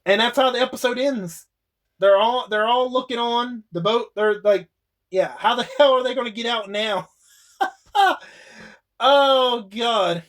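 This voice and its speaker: A man's voice: very high-pitched, unhurried, fairly bright tone. A man casually recapping a TV episode for his channel, rambling, swearing freely and laughing often. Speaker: YouTube TV show reviewer.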